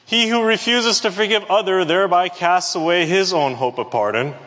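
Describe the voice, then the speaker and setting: A man preaching a sermon, asking the congregation questions in an animated way. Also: high voice, moderate pace. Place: church hall with congregation. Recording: preached in a hall with long reverb.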